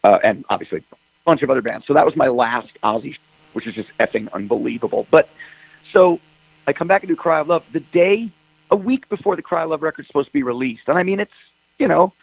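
Gravelly-voiced rock singer on a phone line. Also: male voice, on the high side, dry recording. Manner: animated, acts out phone calls in quoted voices. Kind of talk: casual storytelling interview. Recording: dry tinny phone line.

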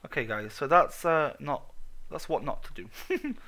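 A man with an excitable, sweary, self-mocking manner, giving let's play commentary on his own game. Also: on the high side, unhurried. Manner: excitable, swears a lot, laughs at himself. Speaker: gaming channel host.

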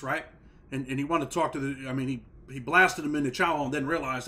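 A man's voice: mid-range voice, steady tone, fairly quick, bright, forceful tone. A man hosting an interview, a former prisoner who talks in street slang and keeps asking leading questions that end in "right?". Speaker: podcast host, former prisoner. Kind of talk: casual interview chat.

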